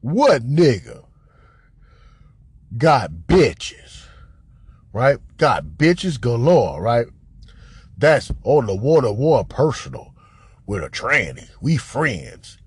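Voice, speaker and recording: A man giving casual, profane commentary on a recorded phone call, mocking, repetitive and animated, often laughing and coughing. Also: medium pitch, takes it slowly, long pauses, slightly rough. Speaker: commentator reacting to a leaked call.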